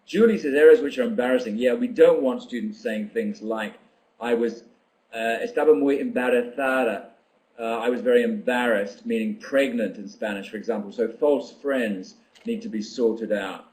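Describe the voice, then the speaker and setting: An older man leading a teacher-training webinar, reading out participants' comments and reflecting on them in an unhurried, thoughtful way with frequent ums. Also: mid-range voice, a little mellow, rough recording.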